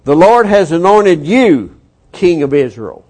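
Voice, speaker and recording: A stern old prophet who demands answers and rebukes sharply, as a preacher voices him. The man's voice sits rather high and is pushed hard on the scolding words. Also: sing-song, a little slow, darkish tone. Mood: rebuking.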